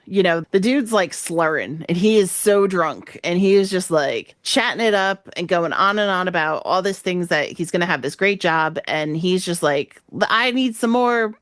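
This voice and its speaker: A woman's voice: lowish voice, normal speed, hardly any pauses, no echo, clean studio sound. A woman co-hosting a podcast, chatting casually and retelling a game story, laughing often and acting out the lines. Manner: animated, laughs often, acts out quotes. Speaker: podcast co-host.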